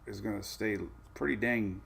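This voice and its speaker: A man's voice: lowish voice, steady tone, moderate pace, vocal fry, fairly bright tone, husky. A man hosting a casual weather livestream, chatting in a laid-back way, chuckling often and answering viewer comments. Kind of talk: casual live-stream chat.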